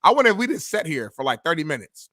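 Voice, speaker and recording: A man's voice: a little high, big pitch swings, quick pace, pushed and bright, no echo, clean studio sound. A man co-hosting a casual sports podcast, laid-back and profane. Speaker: show co-host.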